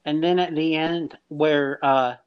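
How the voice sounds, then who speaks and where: A man co-hosting a podcast, talking casually and haltingly as he searches for words. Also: a little high, fairly even intonation, crowd noise. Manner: halting, many fillers and restarts. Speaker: podcast co-host. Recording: dull lo-fi sound.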